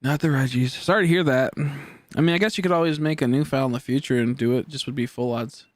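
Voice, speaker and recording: A man's voice: mid-range voice, fast talker, dry recording, clean studio sound. A man in his twenties chatting casually on a game live stream, rambling and joking as he answers chat aloud. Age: 20s.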